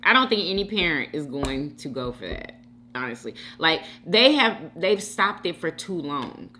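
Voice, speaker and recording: A woman's voice: low voice, normal speed, a little hiss or hum. A woman hosting a mukbang video, chatting casually with viewers and reacting to comments with frequent laughter. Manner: animated, chatty, laughs often, talks straight to viewers. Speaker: mukbang host.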